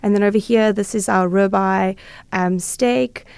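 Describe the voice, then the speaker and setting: Hesitant woman guest with a gravelly edge. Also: mid-range voice, steady tone, measured pace, a little mellow, no room sound. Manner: hesitant, many fillers, informal. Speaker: restaurant representative guest. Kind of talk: radio interview, describing dishes. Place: radio studio.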